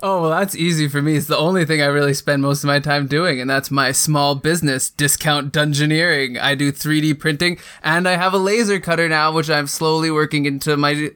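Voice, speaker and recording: A man's voice: a little high, steady tone, a little fast, few pauses, fairly bright tone, clear, resonant tone. A man chatting as a podcast guest, rambling and hesitant, with many fillers. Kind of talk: casual interview chat.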